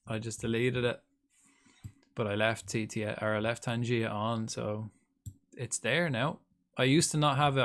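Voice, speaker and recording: A man with a medium-pitched, fairly bright voice chats casually while live-streaming a game. He rambles on to his viewers and addresses people in chat by name.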